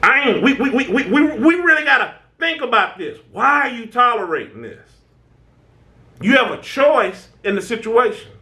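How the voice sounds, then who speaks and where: Animated high-voiced man giving advice. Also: moderate pace. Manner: animated, preachy, conversational with repeated "right?"; informal American speech, stammering restarts. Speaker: channel host. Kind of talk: self-help talk to camera.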